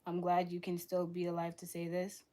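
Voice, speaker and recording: A young woman hosting a live stream, arguing bluntly with her chat in rapid-fire retorts. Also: on the low side, completely flat delivery, mellow. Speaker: livestream host.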